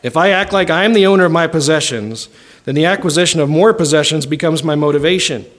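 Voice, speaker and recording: Man, pastor, sermon, conversational preaching, fairly high voice. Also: fast. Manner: conversational preaching, frequent "right?" check-ins.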